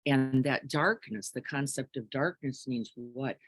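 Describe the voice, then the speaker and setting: A middle-aged woman gives a reflective spiritual teaching, gentle and unhurried, often ending her points with soft tag questions. Her voice is bass, and the recording is dry and rough.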